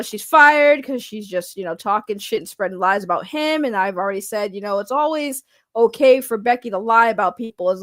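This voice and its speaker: Woman streamer, tired, casual cussing chat, fairly high voice, dry close sound. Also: a bit bright, dry recording. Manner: chatty, swears casually, greets the chat. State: tired from work. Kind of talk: casual live-stream commentary.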